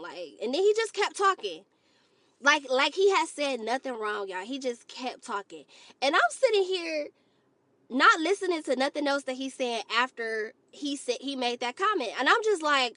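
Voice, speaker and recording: A woman vlogger telling a story to her viewers in an animated, exasperated way. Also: high voice, moderate pace, no echo. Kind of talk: storytime commentary to camera.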